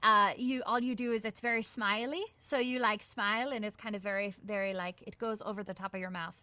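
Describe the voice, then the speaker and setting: A young adult woman from Georgia with a Southern accent, chatting bubbly and fast as an interview guest, full of fillers. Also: mid-range voice, fairly even intonation, bright, forceful tone, no room sound. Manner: bubbly, quick, many fillers and restarts. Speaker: guest voice actress. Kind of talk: casual interview chat.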